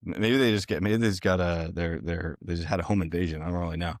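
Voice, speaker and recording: A man's voice: low-pitched, steady tone, no room sound, clean studio sound. A man co-hosting a casual podcast chat, teasing his friends, with lots of fillers. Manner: teasing, halting with many fillers. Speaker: podcast co-host.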